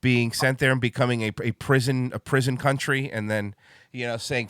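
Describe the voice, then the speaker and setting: A man's voice: mid-range voice, steady tone, moderate pace, fairly bright tone, clear, resonant tone, dry recording, studio quality. Blunt, rambling man chatting crude. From Miami. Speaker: host. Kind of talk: casual podcast chat.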